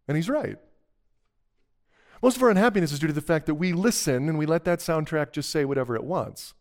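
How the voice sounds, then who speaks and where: A man's voice: fairly high pitch, big pitch swings, a little fast. A middle-aged man preaching a sermon as pastor, talking in a conversational, earnest way and breaking into emphatic bursts.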